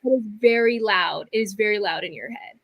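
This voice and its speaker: A woman's voice: mid-range voice, a little fast, gravelly, muffled recording. A woman narrating a tabletop game as game master, chatty and full of fillers. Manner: chatty, many fillers and restarts.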